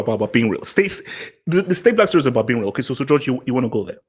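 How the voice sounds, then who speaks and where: A man's voice: medium pitch, lively intonation, rapid-fire, breathy edge. A man hosting his own vlog, giving casual opinion commentary in an emphatic way, repeating phrases and restarting sentences. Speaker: vlog host.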